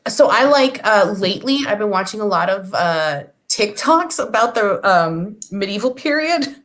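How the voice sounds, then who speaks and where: A woman joins a talk show from home, chatting with animated energy. Her mid-range voice tumbles from one story into the next. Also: mid-range voice, moderate pace. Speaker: guest. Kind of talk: casual chat. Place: home, remote video call.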